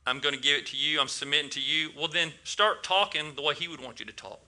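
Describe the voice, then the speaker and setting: Man preaching, casual sermon, talks straight to the congregation, bright clear voice. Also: a little high, fast. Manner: conversational, repeats words, asks the congregation questions.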